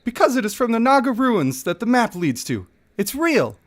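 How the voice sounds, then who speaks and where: A man voicing a cranky, anxious male dwarf in a much higher voice. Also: very animated, normal speed. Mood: pleading.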